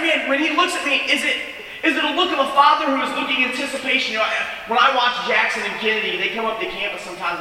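Impassioned preacher in an echoey hall. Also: male voice, high voice. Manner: impassioned, swings between loud urgency and soft earnestness. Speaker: campus minister. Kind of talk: sermon. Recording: echoey hall from far off, faint hiss.

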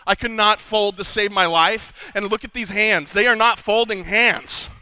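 A man with a high, very bright and forceful voice delivers a humorous sermon. He tells his stories with animation, acting out the people he quotes, and the sound is close and dry. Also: a little slow, clear, resonant tone, dry recording. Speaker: conference speaker. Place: conference session.

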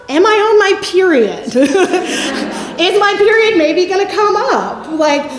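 A woman in her forties with a high voice teaches from the Bible, telling lively stories. Her voice rings in an echoey room. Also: slow pace, a crowd in the background. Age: 40s. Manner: lively storytelling, acts out quotes with laughs. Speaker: campus ministry speaker.

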